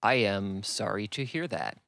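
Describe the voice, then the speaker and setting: Guy playing a wry teasing dad, calm and dry, no room sound. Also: on the low side, unhurried, gravelly, clean tone, no echo, exaggerated voice. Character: dry, teasing middle-aged father.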